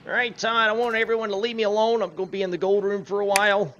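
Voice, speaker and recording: A man's voice: high voice, level tone, quick pace, highs cut off, background noise. A man hosting a game livestream, chatting casually, laughing often and quoting his viewers. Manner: laughing, chatty, quotes chat. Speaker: livestream host.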